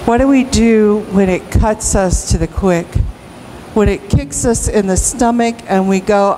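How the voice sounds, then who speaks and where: A woman pastor preaching a sermon in a church, slow and emphatic, rising into cries at times. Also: medium pitch, warm tone, slight background noise, poor audio. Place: church sanctuary.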